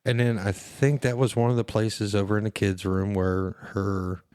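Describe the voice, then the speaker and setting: A man hosting a podcast in casual chat, speaking haltingly with frequent restarts. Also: fairly low pitch, little pitch movement, darkish tone, no echo. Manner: halting, many restarts and laughs. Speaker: podcast host.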